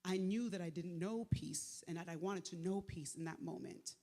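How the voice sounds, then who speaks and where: A woman giving a live motivational faith talk, conversational and lively, with slangy asides to the crowd. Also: on the low side, moderate pace. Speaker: speaker at a faith event. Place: large venue, live event. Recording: echoey hall with long reverb.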